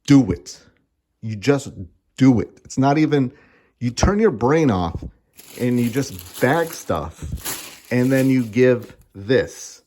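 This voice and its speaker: A man's voice: fairly low pitch, slight background noise. A man in his thirties giving a casual, sarcastic and profane food review, laughing often as he rants. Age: 30s.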